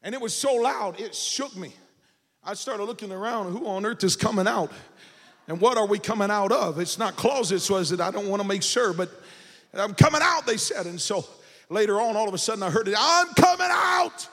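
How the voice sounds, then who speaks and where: Gravelly high-voiced preacher man, long reverb. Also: fairly quick. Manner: chanted preaching cadence with rhythmic "uh" breaths; shifts between shouting and low, chatty storytelling. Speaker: pastor. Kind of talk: sermon. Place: church sanctuary.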